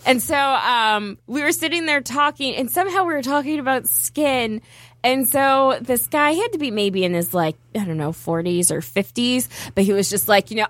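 A woman's voice: a little high, moderate pace, no room sound. A woman co-hosting a podcast, chatting casually in a bubbly, jokey way and acting out stories. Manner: bubbly, jokey, animated storytelling. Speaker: podcast co-host. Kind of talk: casual chat.

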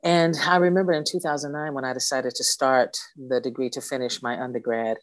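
A woman's voice: a bass voice, fairly even intonation, fairly quick, no echo. A woman in her sixties, an interview guest, who tells her story with animation and acts out the voices she quotes. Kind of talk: storytelling in conversation.

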